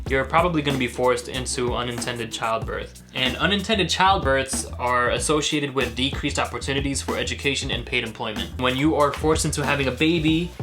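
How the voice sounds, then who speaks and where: A young man giving an impassioned, indignant and sarcastic commentary vlog, talking straight to his viewers. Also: medium pitch. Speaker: political commentary vlogger.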